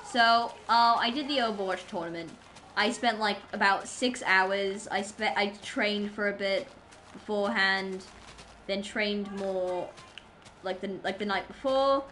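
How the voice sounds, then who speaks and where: A woman gaming on a livestream rambles to her viewers in casual conversation, giggling and teasing herself. Her mid-range voice is measured, bright, and forceful, captured on a low-quality recording with a little hiss or hum.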